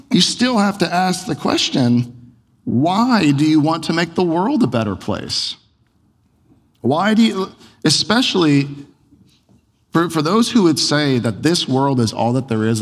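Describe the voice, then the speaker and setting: A man's voice: a little high, long reverb tail. A man preaching a sermon in a conversational way, firing off a chain of rhetorical questions. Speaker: pastor.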